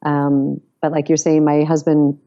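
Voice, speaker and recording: A woman's voice: low-pitched, little pitch movement, measured pace, mellow, highs cut off. A woman podcast guest talking casually and enthusiastically, praising things emphatically. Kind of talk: casual conversation.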